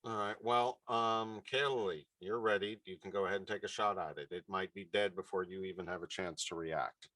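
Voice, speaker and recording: A man acting as game master, narrating a tabletop game in a relaxed, easygoing way. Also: sits low, normal speed, few pauses, dry recording, far from the mic.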